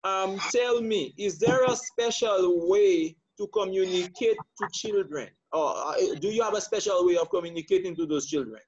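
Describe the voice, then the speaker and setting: A man's voice: high-pitched, normal speed, few pauses, muffled recording. A man leading a church training course over a call, asking questions and affirming answers with frequent murmurs.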